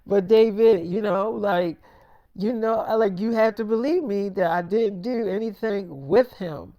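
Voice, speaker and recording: A man's voice: high voice, a little slow, mellow, no room sound, studio quality, voice pushed up. A man voicing a young woman's lines as a pleading, defensive girlfriend who talks in whiny, insistent runs full of fillers.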